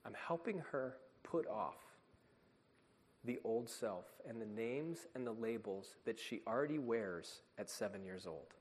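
A man's voice: fairly low pitch, lively intonation, unhurried. A man preaching a sermon as a pastor, in an earnest, emphatic way. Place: church sanctuary. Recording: long reverb of a church hall.

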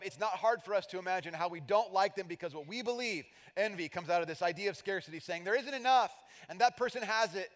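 Animated middle-aged pastor, slightly high voice. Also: male voice. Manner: animated, self-deprecating humor, acts out voices. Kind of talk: sermon. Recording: long hall reverb.

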